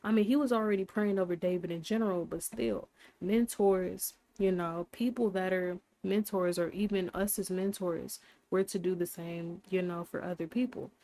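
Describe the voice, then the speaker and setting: A woman's voice: on the low side, fairly even intonation, normal speed, warm tone, dry recording. Casual woman host talking faith. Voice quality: casual, rambling, giggly at times. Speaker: podcast host.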